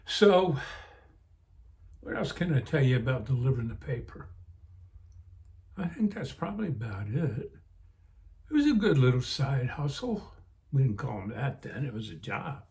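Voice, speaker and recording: A man's voice: medium pitch, sing-song, warm tone. Older man rambling through a memory. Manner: rambling, unhurried, many fillers and restarts. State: yawning, sleepy. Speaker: vlog host. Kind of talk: casual reminiscing.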